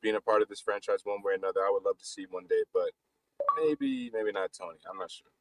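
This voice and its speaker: A man hosting a casual live basketball chat, talking fast and loosely with frequent restarts. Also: lowish voice, a bit bright, no echo, rough recording. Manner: rapid, loose talk with many restarts. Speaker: podcast host.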